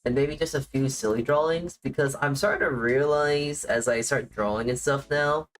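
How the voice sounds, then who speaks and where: A man's voice: mid-range voice, normal speed, slight background noise, poor audio. Rambling man chatting on a livestream. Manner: rambling, heavy on "like" fillers, self-deprecating. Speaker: VTuber streamer. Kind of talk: casual livestream chat. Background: faint music playing.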